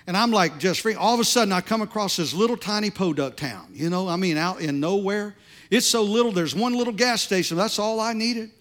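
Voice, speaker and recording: A middle-aged male pastor preaching a sermon in a church, telling stories in a loud, animated, conversational way. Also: high-pitched, fairly quick. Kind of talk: sermon with storytelling.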